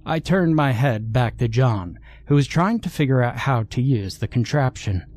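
A man narrating a scripted horror story in a measured, hushed storytelling way. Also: fairly low pitch, slight background noise.

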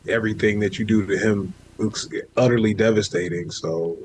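Podcast co-host, male, animated storyteller, casual and loose. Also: normal speed, breathy edge. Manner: animated storyteller, jumps high for quoted asides. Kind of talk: casual chat.

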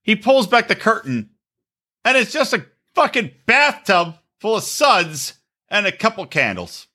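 A man's voice: sits high, wildly swooping pitch, a little slow, sharp tone, breathy edge. A man co-hosting a podcast in casual chat, crude and mocking, acting out quotes in silly voices. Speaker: podcast co-host.

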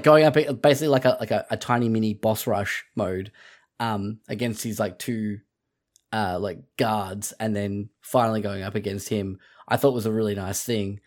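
Man, casual gaming chat, filler-heavy, laughs a lot. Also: fairly low pitch. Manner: rambling with fillers, laughs often. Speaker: podcast host.

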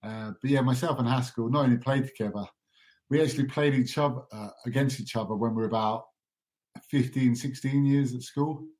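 Relaxed man answering questions. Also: mid-range voice, a little fast. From England. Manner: relaxed, modest, chatty. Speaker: interview guest. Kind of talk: casual interview answers.

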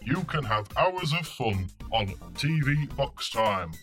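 A man voicing a cheesy advert announcer in a spoof commercial, overselling every word in a salesy pitch. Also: sing-song, slow, a bit bright, faint music behind.

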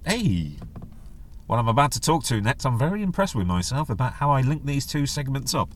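With big swings in pitch from a mid-range voice, this middle-aged podcast host talks fairly quickly over slight background noise. He rambles jokily and chattily on his solo show, doing goofy voices for anyone he quotes.

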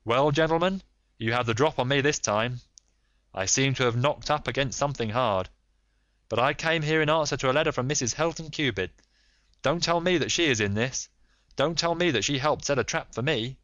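A man reading a volatile American man, grieving and defiant, with an American accent, loud and pleading. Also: medium pitch, moderate pace, no room sound, voice pushed up, natural voice. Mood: bitter.

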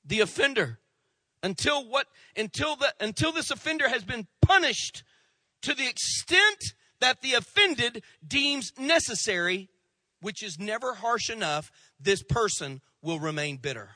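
A male pastor preaching a sermon, animated, with swings from loud emphasis to hushed asides and acted-out quotes. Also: very high-pitched, measured pace, dry recording, clean studio sound. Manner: tells jokes and acts out quoted voices.

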